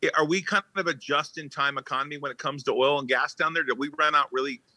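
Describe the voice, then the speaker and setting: Male host on a remote link, bright and forceful, keeps pressing his questions. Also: on the high side, fairly even intonation, fast talker, dry recording, low-quality recording. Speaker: show host, company chairman. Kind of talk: casual show banter. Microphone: remote call.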